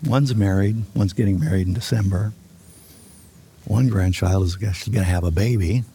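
Older man preaching, gravelly and husky. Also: sits low, normal speed, warm tone. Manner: folksy, conversational, joking. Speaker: pastor. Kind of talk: sermon. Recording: long reverb of a large hall.

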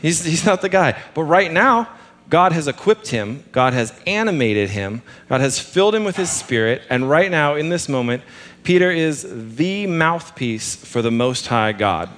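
A man preaching a sermon in a relaxed, conversational way, mixing humor with lively emphasis. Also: on the high side, unhurried.

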